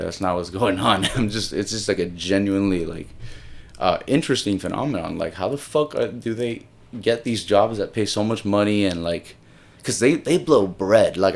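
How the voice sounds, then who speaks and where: Low-voiced young man rambling casually. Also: gravelly. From Miami, Florida. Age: young adult. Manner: rambling, many restarts, swears freely, switches between English and Spanish. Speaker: solo video host. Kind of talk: casual monologue.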